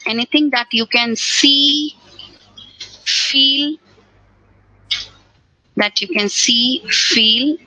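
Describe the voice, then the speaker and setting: A woman's voice: a little high, sharp tone, dry recording, low-quality recording. A woman teaching a grammar lesson for exam preparation. She repeats key words and asks rhetorical questions. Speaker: English teacher.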